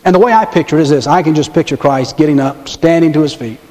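A pastor preaching a sermon, telling the story dramatically and slowing down and pausing to stress points. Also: male voice, a little high, dark tone. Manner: dramatic storytelling, pauses and slows for emphasis. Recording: long hall reverb.

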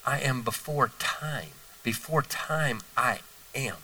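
A male preacher voicing the boy Jesus, speaking slowly and softly with quiet authority, heard from a distance in a church. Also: medium pitch, heavily acted. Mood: solemn. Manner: slow, hushed, solemn.

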